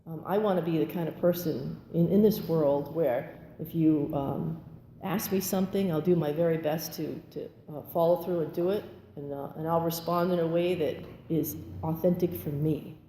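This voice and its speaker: A woman speaking frankly at a recovery meeting, her voice low and mellow. She tells her story in an animated, unguarded way. The sound rings through a large echoey hall with a long reverb tail. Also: normal speed, slight background noise. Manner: candid, animated, acts out quotes with laughter. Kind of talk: personal testimony.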